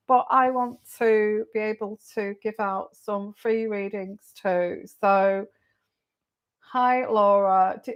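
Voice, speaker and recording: A woman doing a live-stream tarot reading. She greets viewers by name and repeats their questions aloud in a chatty way. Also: on the high side. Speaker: tarot reader.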